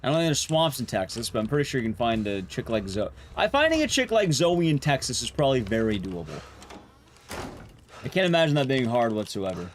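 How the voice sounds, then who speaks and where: Deadpan male game streamer. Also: mid-range voice, fairly quick, a little hiss or hum. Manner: deadpan, dry joking. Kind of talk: casual gameplay commentary.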